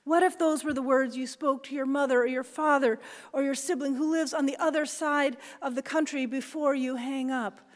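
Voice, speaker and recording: A woman pastor preaching a sermon in a church, earnest, dropping to soft whispers and rising for emphasis. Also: high voice, fairly even intonation, normal speed, few pauses. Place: church sanctuary. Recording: long reverb of a large church hall.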